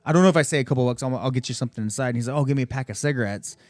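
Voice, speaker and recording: A man's voice: mid-range voice, rapid-fire, darkish tone, no room sound. A man telling a long personal story in casual podcast chat, full of profanity and acted-out quotes in a raised voice.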